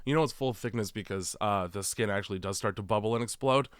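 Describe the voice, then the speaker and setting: A man co-hosting a horror movie podcast, cracking quick jokes in casual chat. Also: fairly low pitch, clear, resonant tone, no echo, clean studio sound. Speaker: podcast co-host.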